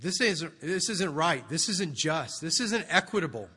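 An indignant laborer complains in a whiny, raised voice, as a preacher puts him on. The tone is bright and pushed high, with a long reverb trailing off the hall walls. The protest sounds strained and sharp. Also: male voice, big pitch swings, measured pace, slightly rough, exaggerated voice. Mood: aggrieved.

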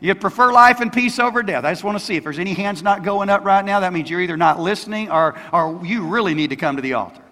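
A man's voice: sits high, quick pace, few pauses, bright, forceful tone. A man in his sixties preaching a sermon as pastor, emphatic and quizzing the congregation with questions. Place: church sanctuary. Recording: long hall reverb in a church.

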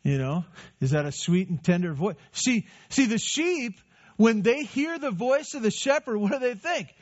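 A man's voice: very high-pitched, big pitch swings, normal speed, lo-fi sound. A man preaching a sermon in a conversational way, asking rhetorical questions and answering them. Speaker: pastor.

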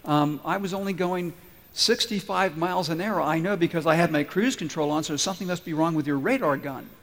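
A man's voice: on the high side, brisk, a bit bright. A man voicing a defensive male driver making excuses in a sermon joke, protesting, in a long hall reverb.

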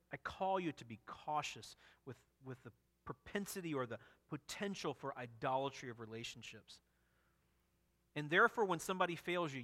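A man's voice: on the high side, pushed and bright. Earnest preaching man in a reverberant hall. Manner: earnest, emphatic preaching with repeated phrases and restarts. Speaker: pastor. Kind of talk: expository sermon.

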